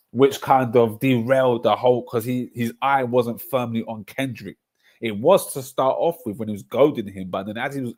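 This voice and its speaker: A young man, chatting casually and rambling through stories on a livestream, full of slang. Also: lowish voice. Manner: rambling, animated storytelling with slang. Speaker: livestream host.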